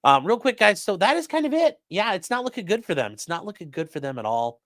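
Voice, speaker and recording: A man's voice: sits high, very animated, fast talker, fairly bright tone, no echo, studio quality. A man doing mocking, sarcastic live-stream commentary while reading chat, swearing often.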